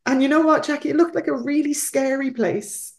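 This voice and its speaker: A woman's voice: high-pitched, steady tone, fairly quick. A woman pastor talking in a heartfelt, earnest way on a faith talk show, telling personal stories.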